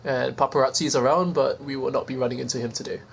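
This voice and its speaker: A man's voice: medium pitch, steady tone, fast, gravelly, a little hiss or hum. A man streaming a video game, rambling casually and chatting to viewers with self-deprecating asides. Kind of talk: casual gameplay commentary.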